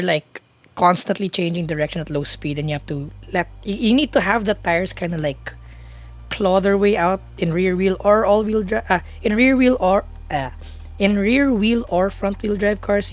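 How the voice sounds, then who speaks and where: A woman live-streaming a racing game, chatting casually with viewers in a rambling way, full of fillers and restarts. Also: mid-range voice.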